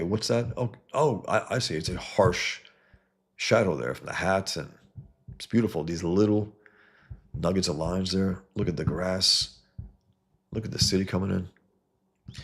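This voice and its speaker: A man's voice: sits low, husky. A man hosting a casual live stream, enthusiastically pointing out details of comic art and often repeating and restarting his words. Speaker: comics artist host.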